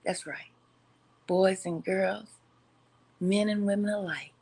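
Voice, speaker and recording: A woman's voice: mid-range voice, steady tone, slow pace, gravelly, darkish tone, slightly rough. A woman hosting a casual vlog, talking straight to viewers, laughing often and slipping into a preacher-like cadence. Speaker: channel host.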